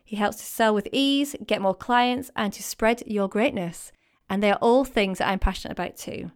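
A woman's voice: mid-range voice, normal speed, smooth. A woman from England with a northern English accent, hosting a podcast interview in a bubbly, giggly, enthusiastic way.

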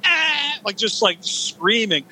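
A man co-hosting a podcast, chatting in an animated way, swearing and mimicking others. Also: high voice, moderate pace, background noise. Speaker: podcast co-host. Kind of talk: casual chat.

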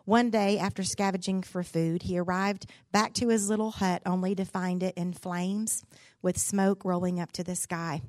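Lady pastor's wife telling sermon stories, folksy n funny, kinda low voice. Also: steady tone, moderate pace, darkish tone, no echo. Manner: folksy, candid and humorous. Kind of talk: sermon-style devotional storytelling.

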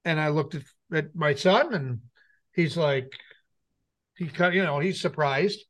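Middle-aged man, light high voice, casual co-host who tells long anecdotes and plays out the dialogue himself. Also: a little slow, fairly bright tone. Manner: rambling anecdote with acted-out quotes. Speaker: radio show co-host. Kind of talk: casual storytelling chat.

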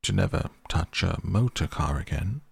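A man voicing a stern, dignified old male badger who speaks gravely and firmly. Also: low-pitched, animated, no room sound, full character voice. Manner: grave, firm and measured.

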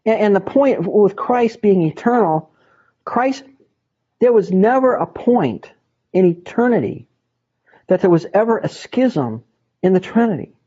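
A man's voice: sits high, sing-song, a little slow, dark tone. A man teaching a Bible study in an emphatic way, repeating words for stress. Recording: dull lo-fi recording.

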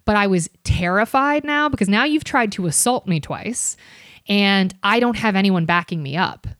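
A young woman on a podcast, telling a story in a casual, animated way, swearing and acting out the voices of other people. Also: medium pitch, moderate pace, no echo, studio quality. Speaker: comedian and podcast guest.

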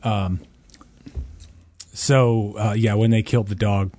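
A man's voice: fairly low pitch, steady tone, slow, mellow. A man co-hosting a podcast in casual chat, joking and drifting into tangents. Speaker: podcast co-host.

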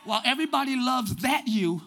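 A man preaches to a church congregation in a very high, bright, forceful voice. He is animated, often breaks into shouts, and slips into little acted-out voices of the people he describes. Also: a little fast. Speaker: pastor. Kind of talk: sermon. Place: church sanctuary.

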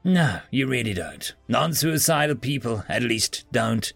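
A man's voice: mid-range voice, big pitch swings, unhurried, vocal fry, fairly bright tone, slightly rough, no echo, faint music behind, exaggerated voice. A man voicing a weary, exasperated alien who answers a reckless human with dry skepticism. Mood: deadpan.

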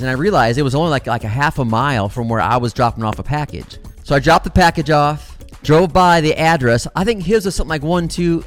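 A middle-aged man with a mid-range voice tells a story casually and with animation. He swears freely and addresses his listeners as "guys."

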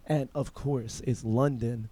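A man's voice: medium pitch, fairly even intonation, slow, dark tone. A man hosting a casual podcast, telling profane stories with lots of laughter and acted-out quotes. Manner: profane, laughing storyteller who acts out quotes. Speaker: podcast host. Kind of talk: casual chat.

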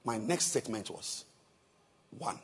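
Preaching as a bishop, this man tells stories with real animation, acting out the dialogue and repeating words again and again. His voice sits in the mid range with a breathy edge, moving at a normal speed.

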